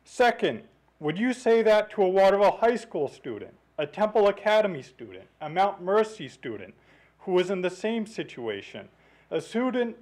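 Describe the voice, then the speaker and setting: A man reading a prepared letter aloud at a city council meeting in a measured, earnest way, into a podium microphone. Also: high-pitched, a little mellow, rough recording. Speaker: resident speaking at public comment.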